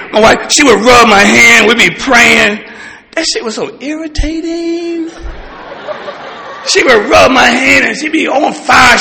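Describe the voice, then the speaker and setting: Very high-voiced, gravelly man testifying fervently. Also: in a large hall, a little hiss or hum, rough recording. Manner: fervent, often shouting, with a preacher-like rhythm and blunt profanity. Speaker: speaker sharing at a recovery meeting. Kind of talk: impassioned personal testimony.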